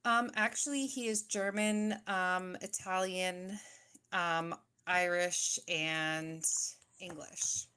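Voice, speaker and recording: Woman, 30s, from New Jersey, somewhat low voice, chatty, jokey, video call audio. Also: fairly even intonation, takes it slowly, pushed and bright, clear, resonant tone. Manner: chatty, jokey, self-deprecating. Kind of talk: casual debate chat.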